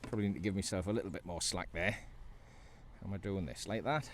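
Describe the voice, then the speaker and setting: A man's voice: low-pitched, fast, a little hiss or hum. A man giving chatty running commentary while fishing from a kayak at sea, talking to the fish he catches. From North East England. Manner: chatty, excitable, talks to the fish. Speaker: fishing vlogger.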